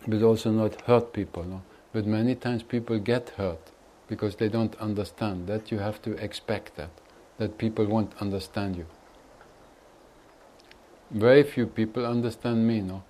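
A man speaking as a spiritual teacher to an audience, calm and gentle at times, teasing and laughing at others. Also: on the low side, rough recording. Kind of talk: addressing an audience at a gathering.

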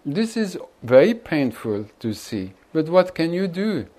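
A man speaking as a spiritual teacher to an audience, calm and gentle at times, teasing and laughing at others. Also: fairly high pitch, a little slow, slight background noise, poor audio. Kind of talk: addressing an audience at a gathering.

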